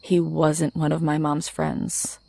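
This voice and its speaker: A woman reads a first-person horror story in a low, even voice with a gravelly edge. Her telling is measured and steady, recorded dry and close. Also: slight background noise. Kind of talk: scripted first-person narration.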